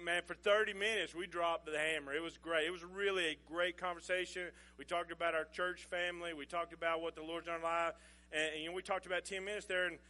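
Folksy preacher, bright voice. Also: male voice, fairly high pitch. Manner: folksy, chuckling, conversational. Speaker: pastor. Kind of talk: sermon illustration storytelling.

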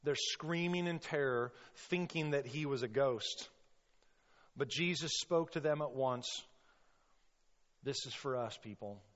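A male pastor delivers a passionate sermon, swinging from quiet storytelling to loud acted-out outbursts. His voice carries a long, hall-like reverb. The sound is a little dull and muffled. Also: medium pitch, measured pace, long pauses. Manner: impassioned, acts out quotes with sudden loud bursts.

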